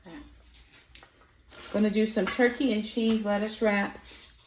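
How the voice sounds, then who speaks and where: A woman's voice: medium pitch, fairly even intonation, unhurried, a little hiss or hum. A woman in the middle of her vocal range chats to her camera while showing her groceries in her kitchen. Her talk is loose and homey, sprinkled with y'all, and she addresses her viewers directly. The sound comes from a plain camera microphone. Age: adult, mother of four. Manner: chatty, talks straight to viewers, says y'all. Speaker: family vlogger. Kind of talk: casual grocery haul vlog. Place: home kitchen.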